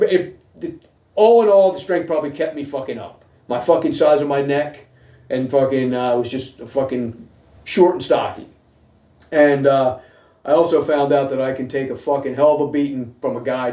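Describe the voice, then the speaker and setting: A middle-aged man with a mellow, darker mid-range voice hosts a casual monologue about his own past, blunt and heavy with swearing, repeatedly checking in with "okay?". The recording is roomy and echoey, his voice sitting away from the mic.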